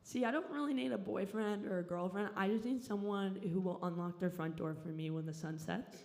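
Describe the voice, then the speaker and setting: A woman's voice: medium pitch, fairly quick, vocal fry, darkish tone. A young woman from Southern California doing a stand-up set on a club stage into a handheld mic, rambling, self-deprecating and swearing freely. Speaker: stand-up comedian.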